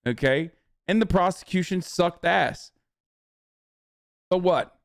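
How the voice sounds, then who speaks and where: A man's voice: sits high, slow pace, gravelly, no room sound, clean studio sound. A young man hosting a livestream, ranting in a casual, profane and argumentative way. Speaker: livestream host.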